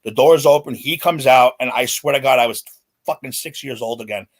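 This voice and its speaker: Fast-talking man telling excited stories. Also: medium pitch. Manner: excited, animated anecdote-telling. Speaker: podcast guest. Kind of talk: casual storytelling.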